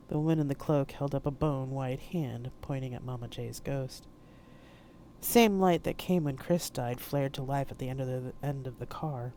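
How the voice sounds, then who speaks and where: Woman reading her own story on stream, deep mellow voice, steady. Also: normal speed, slight background noise. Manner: steady first-person narration. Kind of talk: live-streamed audiobook reading.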